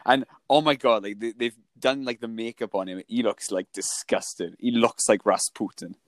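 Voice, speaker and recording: A man's voice: medium pitch, steady tone, no echo. A man in a casual podcast chat who trips over his words while explaining. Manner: quick reactions, halting when explaining. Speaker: podcast co-host.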